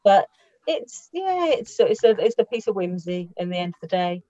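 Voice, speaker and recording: A chatty woman gives her film review in relaxed talk and laughs easily. Her voice sits in a middle pitch. The recording is dry and a little dull, like a lo-fi studio line. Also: normal speed, no echo. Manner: chatty, laughs often, restarts. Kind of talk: casual radio review chat.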